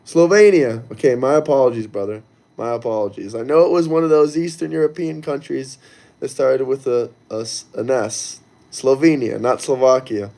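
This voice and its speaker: A man's voice: mid-range voice, normal speed, creaky, dark tone. A man hosting a casual livestream, talking loosely and crudely straight to his viewers as he reads the chat. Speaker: livestream host reading chat.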